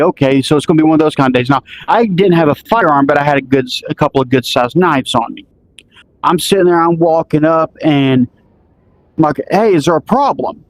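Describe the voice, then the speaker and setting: A man's voice: fairly high pitch, dry recording. Rambling man telling a road-trip story. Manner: rambling, restarts often, acts out quoted dialogue. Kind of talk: casual storytelling.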